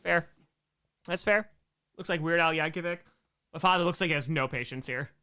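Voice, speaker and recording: A man hosting a live stream, reacting to his own home videos with excitable, self-mocking jokes. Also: a little high, normal speed, clear, resonant tone. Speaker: streamer host.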